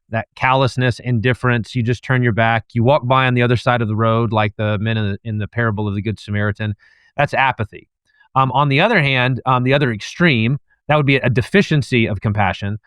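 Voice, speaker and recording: Step by step, a guest author and professor works through an analogy in a discussion, his manner thoughtful. The mid-range voice sounds a bit bright and clean, recorded without echo.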